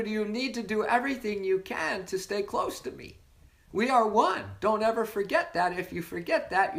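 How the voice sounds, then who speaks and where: The leader of an online spiritual sobriety meeting, giving an inspirational talk with storytelling in a warm-hearted, playful, rambling way that often repeats words. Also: medium pitch.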